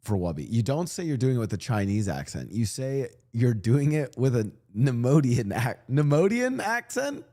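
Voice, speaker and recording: Lively joking male streamer. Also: medium pitch, normal speed, few pauses. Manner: rambling, joking, many restarts and fillers. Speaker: streamer reacting to clips. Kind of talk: casual reaction commentary.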